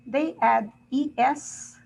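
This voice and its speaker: A woman's voice: high-pitched, creaky, darkish tone, slightly rough, rough recording. A woman teaching an English grammar lesson, explaining rules step by step and checking in with "right?". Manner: slow, deliberate, repeats examples and checks with "right?".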